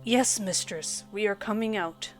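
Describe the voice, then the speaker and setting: A woman's voice: unhurried, close to an everyday voice. A woman voicing a huge, formal male mercenary in a wolf mask who speaks with a thick Mexican accent, over faint music. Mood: calm. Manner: booming and formal.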